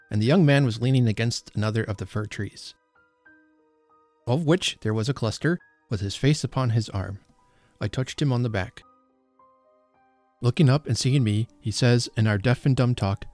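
A man hosting a podcast reads a classic story aloud in the first person, with expressive, deliberate storytelling. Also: medium pitch, no echo, studio quality. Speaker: podcast host reading a story.

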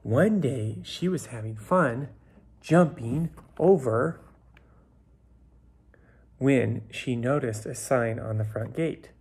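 A man reading a children's picture book aloud, unhurried, often dropping to a whisper. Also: mid-range voice, expressive, darkish tone, breathy edge. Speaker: storybook reader. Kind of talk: children's story read aloud.

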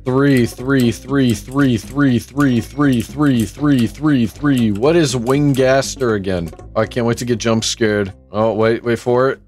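A man's voice: mid-range voice, fairly even intonation, takes it slowly, few pauses, darkish tone, faint music behind. A man commentating his own gameplay, exclaiming and mocking himself as he complains. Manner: exclaiming, self-mocking, complains while playing. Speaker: gaming YouTuber. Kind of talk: let's play commentary.

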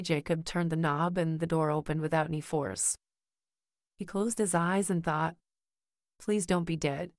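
A woman reads a horror story aloud in a low voice. Her delivery is slow and measured. The recording is dry and close. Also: dry recording. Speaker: narrator. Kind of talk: scripted horror story narration.

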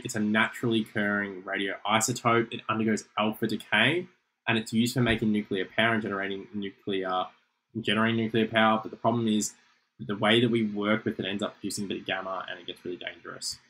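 A man's voice: fairly low pitch, a bit bright, a little hiss or hum, rough recording. A young man giving a casual, chatty chemistry revision lecture, explaining with asides.

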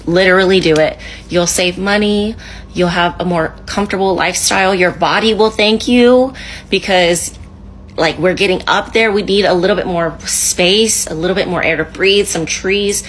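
A woman's voice: on the low side, moderate pace, slight background noise, low-quality recording. A woman in her thirties giving upbeat, emphatic life advice casually to camera.

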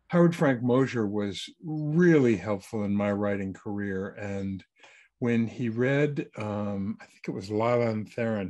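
Male author on a video call, mid pitch, relaxed and anecdotal. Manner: easygoing, anecdotal. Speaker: published author answering questions. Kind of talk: online Q&A talk.

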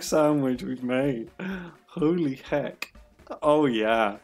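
A man's voice: medium pitch, fairly even intonation, very slow, soft background music. A man giving playful, giggly commentary as he plays a video game, laughing often. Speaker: streamer. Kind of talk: gameplay commentary.

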